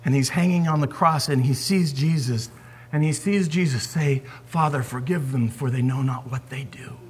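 A man preaching a sermon as a pastor, swinging from forceful emphasis down to hushed whispers. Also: medium pitch, moderate pace, slightly rough.

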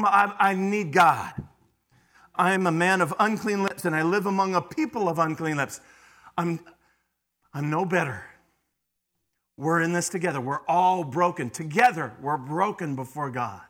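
A man preaching a sermon, shifting between hushed, quiet stretches and loud, emphatic bursts, often repeating words as he starts a phrase. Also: fairly high pitch, animated, moderate pace. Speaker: pastor.

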